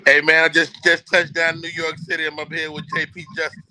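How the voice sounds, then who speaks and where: A man's voice: a little high, monotone, fast. A man joining a show as a guest over a remote call that keeps dropping out, easygoing. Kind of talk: casual chat. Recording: loud noise, audio dropping out.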